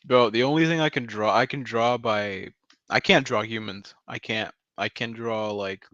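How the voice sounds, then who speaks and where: A man's voice: lowish voice, normal speed, a bit bright, no room sound. A man in his twenties chatting casually on a live voice call, rambling in slang with lots of "like" and "bro". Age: 20s. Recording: dull lo-fi mic.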